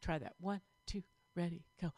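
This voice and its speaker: A woman choir director leading an online vocal warm-up lesson, upbeat and encouraging as she demonstrates breathing exercises. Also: on the low side, moderate pace, no room sound.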